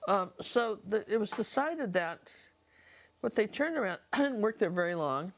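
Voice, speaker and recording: A woman's voice: medium pitch, lively intonation, moderate pace. A middle-aged woman painting and telling stories from her life in a chatty, digressive way, talking straight to the viewer. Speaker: painter and storyteller. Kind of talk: casual storytelling while painting.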